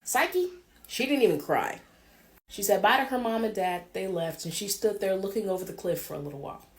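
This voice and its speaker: A woman's voice: medium pitch, quick pace. Woman storyteller, irreverent slangy myth recap, chatty. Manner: chatty, irreverent, joking asides. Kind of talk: casual myth retelling with slang.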